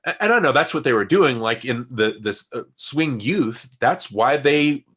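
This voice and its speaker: A man co-hosting a relaxed film discussion podcast. He talks in loose, wandering sentences, often restarting mid-thought and trailing off into asides. His voice sits at an ordinary middle pitch. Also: unhurried, breathy edge. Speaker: podcast co-host.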